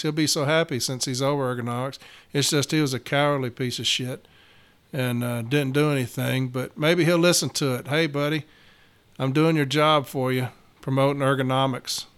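A man's voice: medium pitch, fairly even intonation, a little fast, clear, resonant tone. A man, a union steward talking blunt and profane in a casual podcast monologue, getting fired up.

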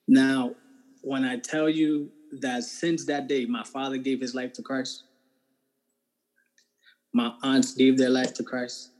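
A man's voice: mid-range voice, darkish tone, low-quality recording. Earnest man telling his faith story. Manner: earnest, emphatic, keeps checking in with "right?". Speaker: interview guest. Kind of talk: personal faith testimony, casual storytelling.

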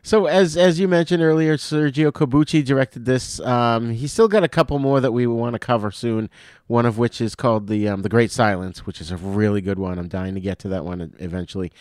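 A man co-hosting a film podcast, easygoing, laughing often and trailing off quietly. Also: mid-range voice, fairly even intonation, brisk, no room sound, studio quality. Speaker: podcast co-host. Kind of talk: casual film review chat.

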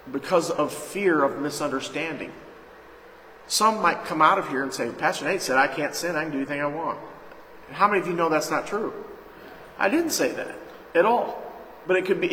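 Emphatic preaching pastor in an echoey hall. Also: male voice, a little high, bright, forceful tone. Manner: emphatic, calls out to the congregation. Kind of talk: sermon. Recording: echoey hall, faint noise.

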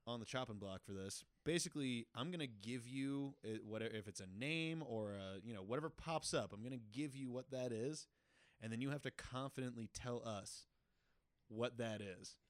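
A man's voice: medium pitch, moderate pace, no echo, studio quality. A man co-hosting a comedy podcast, explaining game rules in a rambling, laughing way. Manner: rambling, restarts, laughs a lot. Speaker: podcast co-host. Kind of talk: casual comedy chat.

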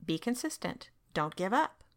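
A woman hosting a parenting podcast, giving calm, firm instructions in a monologue and often checking in with "okay?". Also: medium pitch, normal speed.

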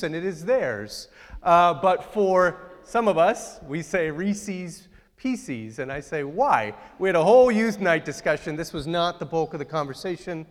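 A man's voice: sits high, in a large hall. Man preaching a joking sermon. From outside Ohio, United States. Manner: joking, asks the congregation questions. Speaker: pastor. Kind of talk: conversational sermon.

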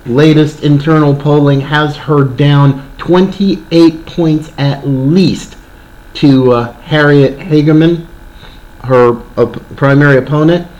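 A man's voice: a little high, steady tone, slow pace, a little mellow, highs cut off. A man hosting a political commentary show, talking in an indignant, sarcastic monologue. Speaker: podcast host.

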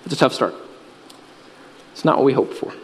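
A man's voice: medium pitch, animated, a little hiss or hum. Earnest preaching man in a reverberant hall. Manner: earnest, repetitive preaching with emphatic pauses. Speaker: pastor. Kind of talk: sermon.

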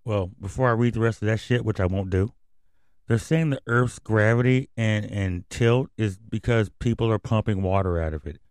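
A man hosting a homemade radio show, talking in a somewhat low voice. He rambles through headlines with blunt, profane asides. The sound is dry and close, with no room behind it. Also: moderate pace, a little mellow, clean tone, no echo. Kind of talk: casual commentary and news reading.

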